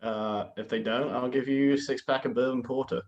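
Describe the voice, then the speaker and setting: A man's voice: mid-range voice, steady tone, brisk, a little mellow, highs cut off. A man from Britain on a soccer podcast panel, speaking over a video call. His tone is wry and teasing. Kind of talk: casual roundtable chat.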